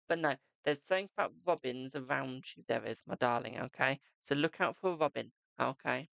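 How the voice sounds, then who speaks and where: Man, British accent, tarot reader on a live stream, gravelly voice, dry close sound. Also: mid-range voice, normal speed, fairly bright tone, dry recording, highs cut off. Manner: chatty, calls viewers "my darling". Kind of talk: live-stream card reading chat.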